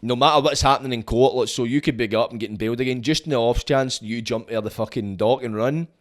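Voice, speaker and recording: A Scottish man with a mid-pitched voice talks straight to the listener in a loose, unscripted monologue. His manner is blunt and frank, with heavy swearing. He speaks with the easy bluntness of someone giving advice from experience. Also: quick pace. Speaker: vlogger giving prison advice. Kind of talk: casual monologue.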